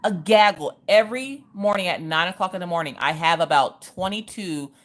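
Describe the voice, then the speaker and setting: A woman in her thirties hosting a live crafting stream, telling stories in a lively, chatty, colloquial way. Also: on the low side, moderate pace. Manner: animated, chatty storyteller, colloquial. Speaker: craft livestream host. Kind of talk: casual chat and storytelling. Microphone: streaming from home.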